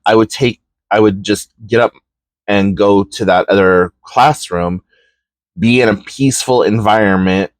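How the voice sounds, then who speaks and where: A man's voice: lowish voice, dry recording. A man hosting a podcast, telling a personal story in a candid, reflective way with frequent ums and likes. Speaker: podcast host.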